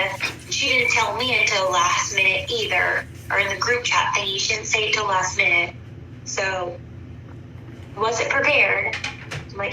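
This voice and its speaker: A woman in her thirties giving a rambling, frank account in a counseling session, swearing freely. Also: medium pitch. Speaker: counseling client. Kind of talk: casual personal account. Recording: echoey room from far off, faint noise.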